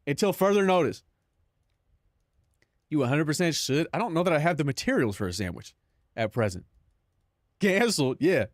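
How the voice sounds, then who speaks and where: A young man talking on a live stream in a slightly high voice, loose and profane, cracking jokes at chat. The sound is dry and close, straight into a desk mic. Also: sing-song, moderate pace, pauses often, no room sound. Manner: joking, profane, laughs at his own bits.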